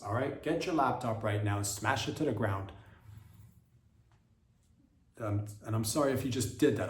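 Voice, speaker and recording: A man's voice: lowish voice, a little mellow, roomy sound, recorded from a distance, a little hiss or hum. A man hosting a comedy podcast, riffing in an absurd, rambling monologue and often correcting himself mid-sentence. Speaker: podcast host.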